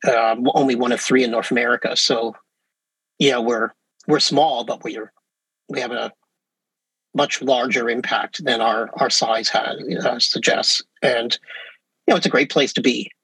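Canadian guy with a husky voice, relaxed chatty interview guest, dry sound. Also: mid-range voice, measured pace, no echo, rough recording. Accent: English Canadian. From English Canada. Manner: relaxed, chatty, frequent fillers and restarts. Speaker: professor and guest. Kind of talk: casual interview talk.

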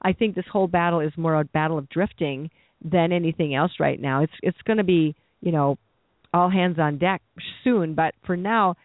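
Heard without echo, a medium-pitched preacher speaks earnestly in a sermon, repeating and restarting phrases while building his thought. The dry recording has a tinny, phone-like quality.

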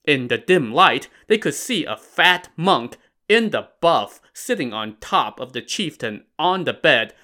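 Bright-voiced man telling a story. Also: on the high side, big pitch swings, a little slow. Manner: wry, modern slangy retelling. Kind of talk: casual storytelling narration.

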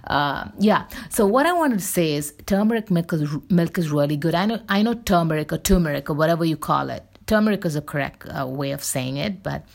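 A woman's voice: deep voice, expressive, a little fast, gravelly, hardly any pauses. A woman hosting a podcast in a casual, rambling monologue, full of fillers and tangents. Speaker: podcast host.

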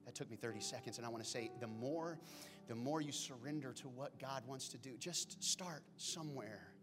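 Man, pastor, sermon, hushed to loud, faint music under it. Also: mid-range voice, moderate pace. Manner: dynamic preaching, swings from hushed whispers to loud exclamations. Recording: long hall reverb with faint music.

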